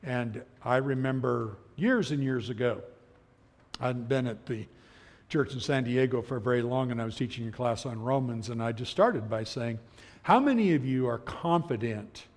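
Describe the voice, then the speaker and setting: Gravelly middle-aged man teaching in a hall. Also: medium pitch, measured pace. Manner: animated storytelling, acting out quoted voices; chuckles as he talks. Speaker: Bible teacher. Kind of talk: teaching a Bible class. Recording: long hall reverb.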